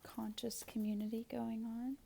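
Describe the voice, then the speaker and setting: A woman giving a spiritual tarot reading and prayer in a soft, often half-whispered voice, her mouth a little swollen after dental work. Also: a little high, little pitch movement, normal speed, vocal fry, slight background noise. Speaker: tarot reader and astrologer.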